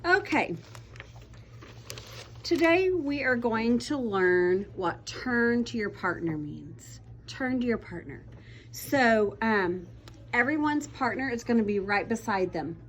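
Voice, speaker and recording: Slow, patient schoolteacher woman. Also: fairly high pitch, expressive, slight background noise. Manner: patient, encouraging, calls on children by name. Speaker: teacher. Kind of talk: classroom vocabulary lesson. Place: classroom.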